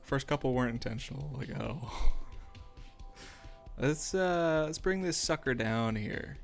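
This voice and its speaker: Male streamer, casual and rambling, self-mocking humor, gravelly voice, into a streaming mic. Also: mid-range voice, animated, slow pace, soft background music. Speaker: streamer drawing live. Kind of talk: casual livestream chat while animating. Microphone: streaming microphone.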